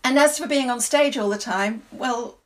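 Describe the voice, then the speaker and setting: A stage actress answering interview questions in a thoughtful, halting way, often restarting her sentences. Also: on the high side.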